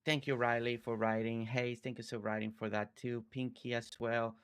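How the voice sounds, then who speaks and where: A man's voice: medium pitch, flat delivery, normal speed, smooth. A man live-streaming a farming game, chatting casually with his viewers and thanking them by name. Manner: friendly, reads chat aloud, warm thanks to viewers.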